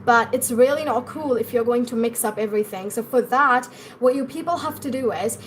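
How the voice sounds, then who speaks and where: Speaking a bit quickly in a fairly high voice, a young Indian English-accented woman runs a live-stream pronunciation lesson and answers comments from viewers as she goes. There's slight background noise.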